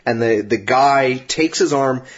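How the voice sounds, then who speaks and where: A man's voice: mid-range voice, measured pace. A man co-hosting a podcast, explaining things step by step in casual chat. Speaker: podcast co-host. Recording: dull lo-fi podcast audio.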